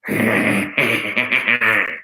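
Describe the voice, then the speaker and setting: A man's voice: lowish voice, fairly even intonation, drawn-out words, sharp tone. Rambling man, roomy echo. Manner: rambling, hesitant, full of ums. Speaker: actor hosting a live Q&A stream. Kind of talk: casual live-stream Q&A.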